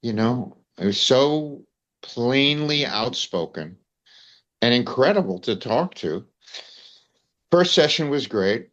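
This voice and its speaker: A man's voice: mid-range voice, animated, slow, pauses often, a bit bright, highs cut off. An older man with a New York accent, telling rambling anecdotes as an interview guest, peppered with "you know" and "man". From United States. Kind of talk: storytelling in casual conversation.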